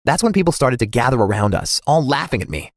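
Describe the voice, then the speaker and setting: A man narrating a scripted first-person story in a dramatic, animated way. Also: medium pitch, fast, dry recording.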